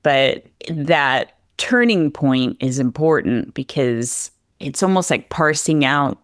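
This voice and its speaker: A woman's voice: rumbling low, animated, takes it slowly, no echo, clean studio sound. A woman who trains horses, talking casually in an interview, telling stories and acting out the people she quotes. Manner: chatty, acts out quoted voices, laughs easily.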